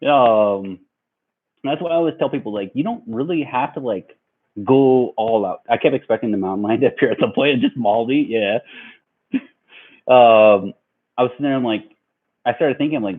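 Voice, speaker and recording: A man's voice: mid-range voice, normal speed, long pauses. A young man telling a long story to his viewers in a rambling, laid-back way, full of fillers. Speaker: vlogger. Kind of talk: casual storytelling. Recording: tinny phone-like sound.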